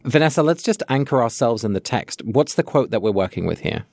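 A man's voice: mid-range voice, expressive, brisk, creaky, darkish tone, no room sound. A man in his late twenties co-hosting a casual book discussion, playful with dry humor. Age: late 20s. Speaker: podcast co-host.

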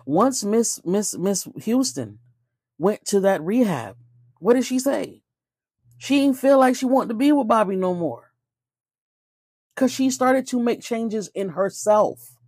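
A woman's voice: medium pitch, animated, unhurried, long pauses, a little mellow, slightly rough, no room sound, clean studio sound. A woman hosting a casual spiritual talk, emphatic and preachy, often firing off rhetorical questions.

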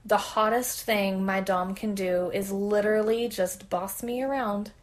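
Female podcast host, mid pitch, reads listener stories aloud in a frank, chatty way. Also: fairly even intonation, a little slow. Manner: candid, conversational reading with bursts of laughter. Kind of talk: reading a submitted story aloud.

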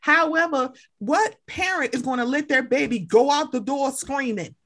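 Animated high-voiced woman podcaster. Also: normal speed. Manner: animated, mimics people in quotes, swears freely. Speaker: podcast co-host. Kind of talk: casual chat, reality show recap.

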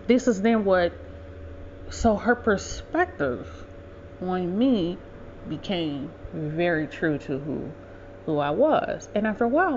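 A woman's voice: on the low side, a little hiss or hum. Woman rambling through a story, lo-fi. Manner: rambling, self-correcting, conversational. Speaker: podcast host. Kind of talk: casual storytelling monologue.

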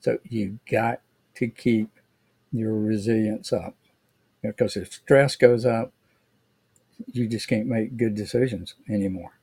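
An older man, a veteran guest on a podcast, explaining things in a measured way with frequent restarts. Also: on the low side, steady tone, a little mellow, breathy edge, no echo. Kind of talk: interview answers, storytelling. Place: podcast studio.

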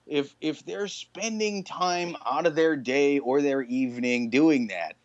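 A man's voice: on the high side, a little slow, no room sound, dull audio. A young man co-hosting a casual podcast chat, talking bluntly and mockingly with a lot of swearing. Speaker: podcast co-host.

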